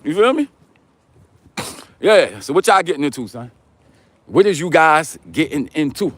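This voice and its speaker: Middle-aged New man, livestream host; high-pitched, loose slangy delivery aimed right at his chat. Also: sing-song, a little slow. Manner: slangy, repetitive, talks straight to viewers. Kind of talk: casual chat to a live chat.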